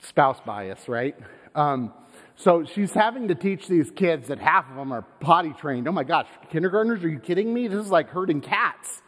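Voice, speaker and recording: High-pitched pastor guy preaching, super animated, lots of questions to the crowd, echoey church reverb. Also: moderate pace. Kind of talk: sermon. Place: church sanctuary.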